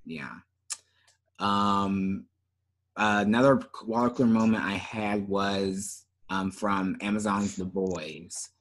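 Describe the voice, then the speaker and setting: A man co-hosting a podcast in casual chat, relaxed and often trailing off with fillers. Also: fairly low pitch, takes it slowly. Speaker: podcast co-host.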